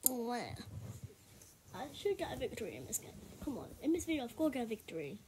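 A high-voiced young woman talks through a game for her video, rambling along in a loose, chatty way and breaking into loud bursts of excitement. A faint noise sits under the recording. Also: fast. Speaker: gaming video creator. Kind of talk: casual gameplay commentary.

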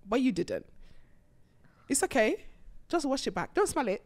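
A woman's voice: sits high, wildly swooping pitch, moderate pace, pauses often, bright, forceful tone. A woman hosting a casual chat show and running a quiz, playful and teasing. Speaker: podcast host.

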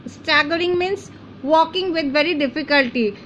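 Lady teacher going through a chapter, high voice, faint hum in the background. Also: a bit bright, rough recording. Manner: explains word meanings, pauses with "uh". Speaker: English teacher. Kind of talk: reading and explaining a textbook chapter.

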